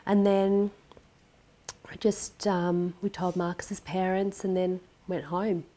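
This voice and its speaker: A woman guest in a casual sit-down chat, an animated storyteller who acts out the dialogue. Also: fairly low pitch, takes it slowly. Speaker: interview guest.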